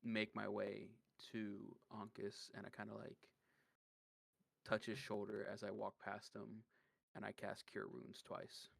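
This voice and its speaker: A man's voice: on the low side, completely flat delivery, unhurried, vocal fry, dry recording. A man playing a tabletop role-playing game, describing his character's actions hesitantly. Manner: hesitant, mumbled with fillers. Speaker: player. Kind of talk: casual tabletop play.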